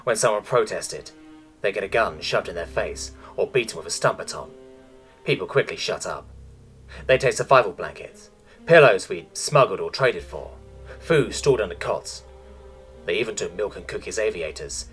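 A man giving a steady, measured scripted audiobook narration of a science fiction story. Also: low voice, faint music behind.

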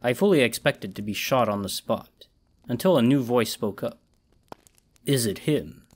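A man narrating a first-person horror story in a measured storytelling manner. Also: mid-range voice, expressive, slightly rough. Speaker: audiobook narrator.

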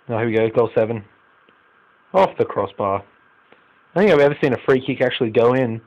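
An excitable young Australian man doing live commentary over a football manager game. His voice sits at an ordinary pitch, drops to grumbling mutters, then bursts into loud, swearing outcries. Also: fairly quick, pauses often, lo-fi sound. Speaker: gaming YouTuber.

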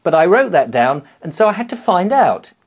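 Lively, husky man. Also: high voice, moderate pace. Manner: animated, rambling storyteller. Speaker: children's author. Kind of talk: casual talk to camera.

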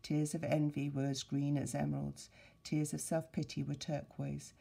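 A woman teacher reading a story aloud to her pupils, expressive and playful with sound effects and asides. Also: low-pitched, moderate pace, gravelly, husky. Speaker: primary school teacher.

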